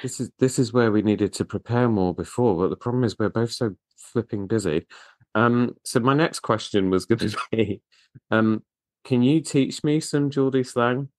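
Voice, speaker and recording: A British man hosts a relaxed interview in a very low, deep voice. The sound is dry and close, with no room echo. He talks with enthusiasm and pokes fun at himself. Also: normal speed. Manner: enthusiastic, self-deprecating. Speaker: podcast host. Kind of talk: casual interview chat.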